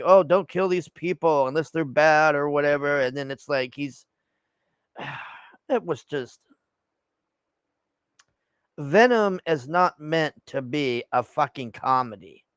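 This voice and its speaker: A man's voice: medium pitch, dry recording. A young man giving a rambling, profane, casual movie review, sighing in exasperation.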